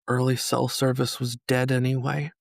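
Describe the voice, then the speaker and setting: Podcast host, man in his 30s from New York: solemn, measured delivery, gravelly tone, dry close mic. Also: mid-range voice, completely flat delivery, no room sound. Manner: solemn, slow and measured with angry emphasis. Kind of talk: personal reflective monologue.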